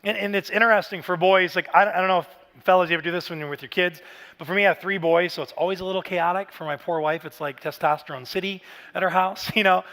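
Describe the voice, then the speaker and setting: A man in his thirties delivers a Father's Day sermon with a high, light voice. He talks casually and animatedly, telling stories and sometimes breaking into shouts. The sound carries a long church-hall reverb. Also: steady tone, fast. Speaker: pastor. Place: large church auditorium.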